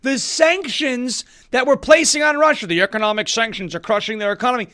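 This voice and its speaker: A man hosts a political commentary show, delivering the news with sarcasm and running jokes. His high, bright voice has a sharp edge, and he speaks briskly with fairly even intonation.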